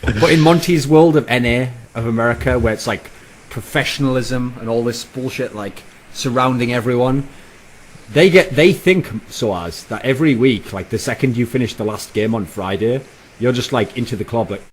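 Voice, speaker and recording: A man's voice: mid-range voice, normal speed, slight background noise. A young British man hosting a casual chat show, rambling and profane, mocking others and slipping into silly voices. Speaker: podcast host.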